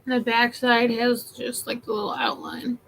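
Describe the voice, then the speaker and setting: High-voiced woman rambling about her thrift haul, lots of likes and ums, faint room hum behind. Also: level tone, normal speed, fairly bright tone, poor audio. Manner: chatty, rambling, many fillers. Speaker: vintage seller vlogger. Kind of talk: casual live haul chat.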